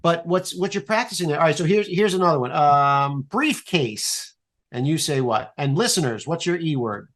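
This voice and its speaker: A man guest on a podcast, explaining an improv exercise in a playful, animated way and swearing casually. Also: a little high, moderate pace.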